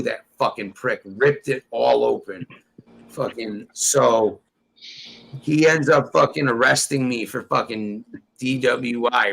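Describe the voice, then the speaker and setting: A man with a gravelly, creaky voice tells a rambling, profane tale in casual chat. He acts out each quoted line himself. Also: medium pitch, fairly bright tone, slight background noise, poor audio. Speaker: storyteller guest.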